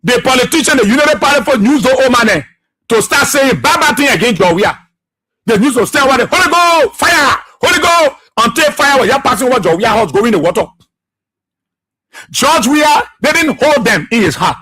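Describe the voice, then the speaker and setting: A man's voice: very high-pitched, expressive, fairly quick, fairly bright tone, husky. A man with a Liberian English accent, hosting a radio talk show and delivering impassioned, repetitive political commentary.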